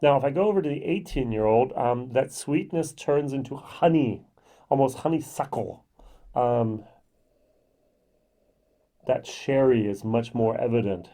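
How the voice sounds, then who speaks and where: A man's voice: medium pitch, measured pace, long pauses, warm tone. A middle-aged man giving a casual whisky tasting review to camera, chatty and thinking aloud with lots of ums and self-corrections.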